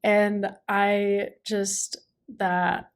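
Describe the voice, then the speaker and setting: A young woman co-hosting a relaxed podcast, chatting loosely and laughing often. She jumps from topic to topic in an easy, conversational way. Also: mid-range voice, very slow, smooth. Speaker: podcast co-host. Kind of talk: casual chat.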